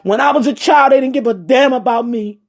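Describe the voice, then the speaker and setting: A woman with a high voice talks fairly quickly in a heartfelt personal address to her viewers. She speaks to them directly and stresses her points by repeating them.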